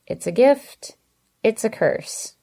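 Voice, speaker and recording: A woman reading an audiobook, voicing a charming, easygoing young man who speaks in a relaxed, wry way. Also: fairly high pitch, takes it slowly, gravelly, exaggerated voice. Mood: playful.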